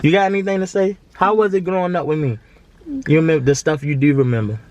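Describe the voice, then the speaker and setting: Man in his twenties, earnest and slangy, slightly high voice, vlogging to camera. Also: steady tone, fast, darkish tone, dull audio, a little hiss or hum. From Baltimore. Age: 20s. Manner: earnest, preachy, slangy, repeats himself. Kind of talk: casual heartfelt monologue to camera.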